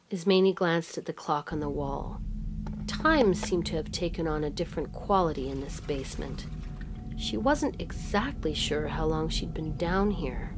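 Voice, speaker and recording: A woman reading a story aloud as narrator in a measured, steady way. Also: deep voice, noisy background. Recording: music playing underneath.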